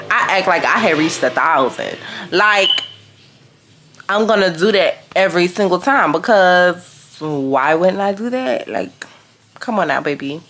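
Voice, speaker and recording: Gushing woman, bright unhurried voice. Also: on the low side. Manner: gushing, excitable, repeats phrases. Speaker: vlogger. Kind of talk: casual vlog chat.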